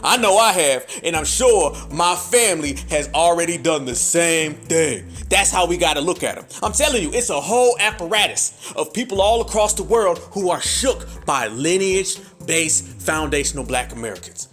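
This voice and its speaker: A man's voice: fairly high pitch, expressive, fairly bright tone, soft background music. A man hosting a podcast, delivering an emphatic commentary monologue with a preacher-like cadence and frequent profanity. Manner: mimics other voices in quick asides. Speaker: podcast host.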